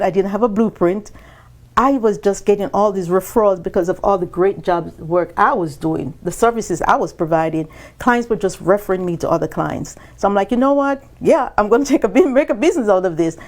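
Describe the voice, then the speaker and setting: This is a woman on a business podcast as a guest, telling her story in an animated manner and dramatizing quoted dialogue through abrupt jumps in pitch.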